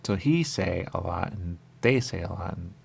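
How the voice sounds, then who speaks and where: Speaking at normal speed with an animated delivery, this deep-voiced radio talk show host has a gravelly, fry-heavy texture. His monologue meanders and repeats itself as he muses aloud, returning to the same phrases.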